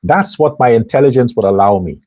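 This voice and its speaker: A man holds forth in a sarcastic, preachy political monologue. His husky voice is highly animated, rising and falling widely. The sound is close and dry. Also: a little fast, no echo, dull audio. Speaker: host.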